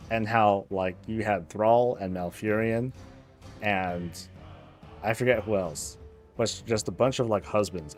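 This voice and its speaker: A man's voice: on the low side, darkish tone. Rambling joking male streamer. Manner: swears freely. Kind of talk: casual chat.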